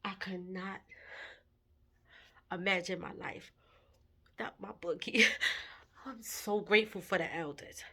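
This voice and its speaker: A woman's voice: fairly low pitch, a little slow, long pauses, bright, forceful tone. A woman telling a personal story in a candid, emotional vlog, with her intensity rising at times. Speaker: vlogger.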